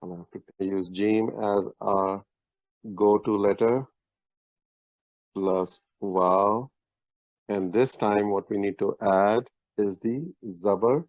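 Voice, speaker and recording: A man's voice: on the low side, steady tone, slow pace, a little mellow, no echo, lo-fi sound. A man teaching a language lesson over a video call, explaining letters patiently and methodically. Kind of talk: online lesson explaining script.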